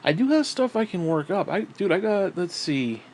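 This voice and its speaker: A man thinks out loud in a loose, rambling way, cursing often and circling back on himself. His voice sits a little higher than most men's, with a faint hum of noise behind it. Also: very animated, normal speed. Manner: profane, meandering, frequent fillers. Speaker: writer talking about his books. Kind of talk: casual rambling monologue.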